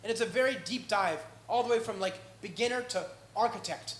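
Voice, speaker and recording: Upbeat high-voiced American man lecturing. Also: fairly quick, roomy sound, slight background noise. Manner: energetic, joking, keeps checking in with the audience. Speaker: conference speaker. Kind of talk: live tech conference talk. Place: indoor meetup venue.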